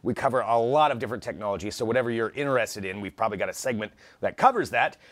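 A man's voice: mid-range voice, racing, no echo. A man co-hosting a live tech show, chatting casually and reading viewer comments aloud with an easy laugh. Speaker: co-host.

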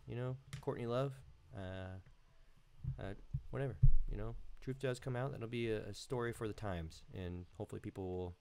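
Male live-stream host with a low voice, laid-back and meandering, from home. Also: normal speed, gravelly, smooth. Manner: relaxed, rambling, with many fillers. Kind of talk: casual live-stream chat.

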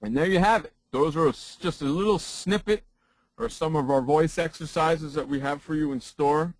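A man's voice: fairly high pitch, normal speed, no echo, low-quality recording. A man who hosts a sports talk radio show, giving a seminar presentation on broadcasting and repeating his points for emphasis into his own broadcast microphone.

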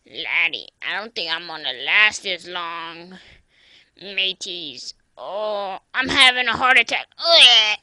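A woman's voice: mid-range voice, lively intonation, takes it slowly, pushed and bright, clean tone, no echo, exaggerated voice. A woman voicing a dying old grandfather in his nineties, a former pirate who growls "laddie" in a homemade puppet comedy. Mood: failing. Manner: growly pirate talk, calls everyone laddie.

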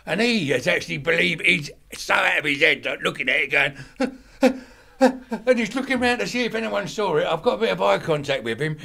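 An older man with a gravelly, creaky voice that still sounds bright and forceful. He spins animated stories in casual chat, repeating himself and laughing through the punchlines. His pitch sits on the high side for a man. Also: normal speed. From London, England. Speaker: guest.

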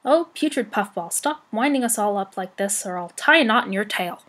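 A woman voicing a cheeky, sharp-tongued young female brownie who teases in a high voice. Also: expressive, moderate pace, low-quality recording. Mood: mocking.

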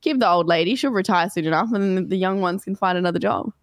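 A woman's voice: fairly low pitch, fast. A young woman streaming games who talks bluntly, swears and teases her co-host. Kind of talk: casual gaming stream chat.

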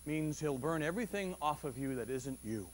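Pastor guy giving a sunday sermon, pretty high voice, chatty and animated, restarts a lot, ramps up when he makes a point. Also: a little fast, a little hiss or hum. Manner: animated and conversational, with frequent restarts and rising emphasis. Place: church service.

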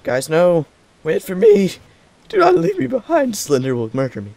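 A man's voice: high voice, huge pitch swings, moderate pace, creaky, dark tone. A man gaming with friends on a horror map, panicky, yelping and repeating himself. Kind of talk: casual gaming chat.

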